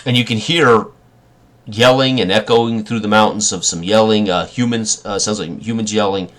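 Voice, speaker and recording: A man's voice: fairly low pitch, steady tone, moderate pace, fairly bright tone. A man running a tabletop role-playing game as game master, describing scenes with many fillers and restarts.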